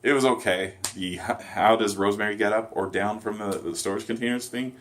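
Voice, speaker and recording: A man with a notably low, deep voice talks through a wrestling episode as a casual solo review. He rambles, stacks up fillers and corrects himself mid-sentence. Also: steady tone, brisk, fairly bright tone, slight background noise.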